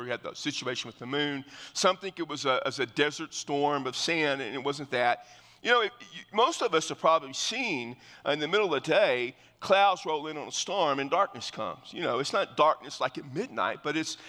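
Guy preaching thru a bible passage, kinda high bright voice, big echoey church hall. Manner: earnest, explanatory, with frequent restarts. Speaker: pastor. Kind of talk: verse-by-verse sermon.

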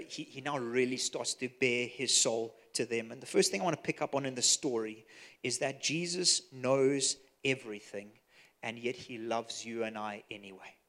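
A man with a Zimbabwean accent preaching a sermon, earnest and storytelling, sometimes dropping to a soft hush for emphasis. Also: mid-range voice. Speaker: pastor.

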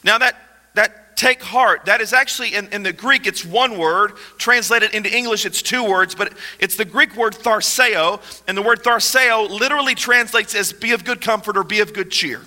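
A man preaches to his congregation, high-voiced and very bright, joking and getting everyone to answer him. His words ring out in a large church hall with a long echo. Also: normal speed. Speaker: pastor. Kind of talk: sermon. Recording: reverberant hall.

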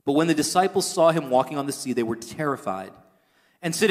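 A man preaching a sermon as pastor, earnest and rising toward near-shouting at times. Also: mid-range voice, lively intonation, quick pace. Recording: long hall reverb.

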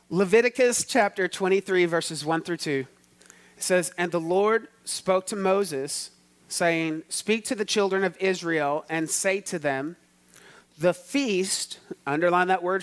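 A man's voice: high-pitched, unhurried. A male pastor preaching a sermon, teaching emphatically, repeating key words and asking the congregation to answer back.

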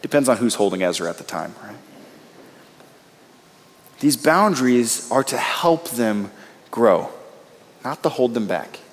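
A man in his thirties preaching a sermon as pastor, with emphatic delivery that rises and falls. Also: fairly high pitch. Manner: emphatic, rising and falling delivery. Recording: long hall reverb.

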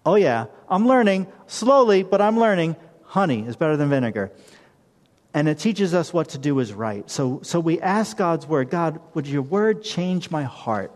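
A man's voice: high voice, a little mellow, long reverb tail. A middle-aged man preaching a sermon, telling family stories with humor and reading scripture aloud. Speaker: pastor.

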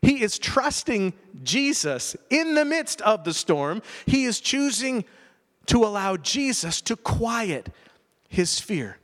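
A man's voice: sits high, takes it slowly. Male pastor, dramatic sermon delivery, reverberant church sound. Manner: expressive, dramatic swings from loud to hushed. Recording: long hall reverb.

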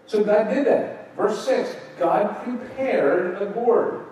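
A man's voice: high-pitched, slow pace, darkish tone, a little hiss or hum. A man preaching a Bible-teaching sermon and putting questions to his congregation. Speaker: pastor. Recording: roomy echo, distant mic.

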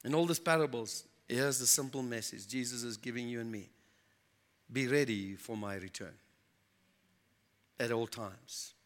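A man's voice: mid-range voice, moderate pace, pauses often. A man preaching a sermon in an earnest storytelling manner, repeating points for emphasis.

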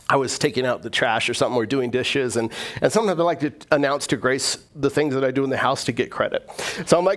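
Middle-aged male pastor, fairly high voice, chatty joking sermon delivery. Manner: conversational, joking, acts out inner voices. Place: church.

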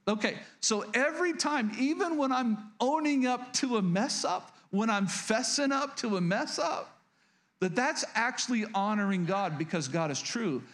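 A man's voice: very high-pitched, animated, normal speed, fairly bright tone. A man preaching a sermon as pastor, speaking earnestly and confessionally, often restarting and asking the congregation questions.

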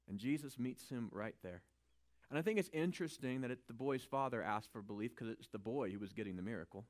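A man giving a conversational Bible teaching, animated and informal, swinging from quiet asides to loud emphasis and often checking in with "right?". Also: mid-range voice, normal speed.

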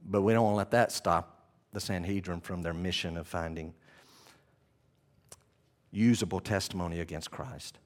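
Animated man preaching a sermon. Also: sits low, moderate pace, pauses often. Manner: animated storytelling, addresses listeners as "guys". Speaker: pastor.

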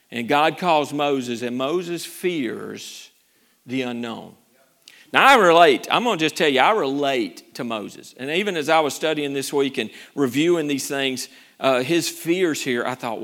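High, bright-voiced animated preacher. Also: male voice, unhurried. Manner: animated preacher acting out scripture scenes. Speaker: pastor. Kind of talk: sermon.

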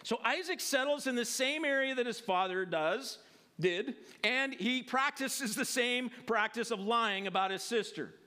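A pastor with a very high voice preaches a sermon at a slightly slow pace, reading a Bible passage and explaining it conversationally with fillers and self-corrections. He is animated, sometimes acting out the people in the story with a raised voice.

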